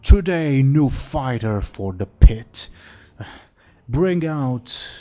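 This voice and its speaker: A man voicing a slow, commanding male fighting-pit boss in a tabletop game. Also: medium pitch, expressive, mellow. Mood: announcing.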